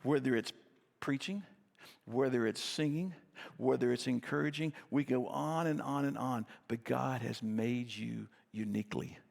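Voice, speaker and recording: A man's voice: medium pitch, measured pace, vocal fry, a little mellow, long reverb tail. A middle-aged man preaching a sermon as pastor, telling stories in a conversational, self-deprecating way.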